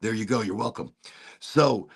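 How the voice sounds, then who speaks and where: A man hosting a casual podcast chat, telling stories in an animated way and swearing freely. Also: on the low side, normal speed, creaky, breathy edge. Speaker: podcast host.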